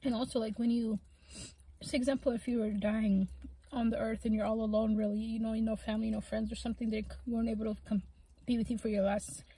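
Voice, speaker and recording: Woman, eating-show vlogger, breathy and a bit high, chatty and meandering, mouth full of food. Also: level tone, fast, warm tone, low-quality recording. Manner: talks with her mouth full; musing, rambling with many fillers. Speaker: mukbang vlogger. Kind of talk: casual chat while eating.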